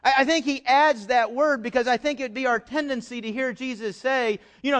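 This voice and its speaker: A male pastor preaching a sermon with an animated manner, often repeating words and dropping joking asides. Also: sits high, a little fast.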